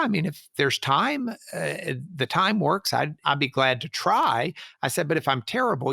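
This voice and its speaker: A man's voice: medium pitch, vocal fry, dry recording, clean studio sound. A middle-aged man, a trial lawyer, telling stories in an interview and acting out the people he quotes. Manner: animated storyteller, acts out quoted voices. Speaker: trial lawyer, podcast guest. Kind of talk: storytelling interview answer.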